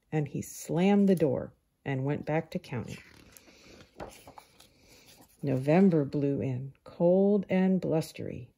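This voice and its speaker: A woman reading a children's picture book aloud in a calm, unhurried storyteller manner. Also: sits low.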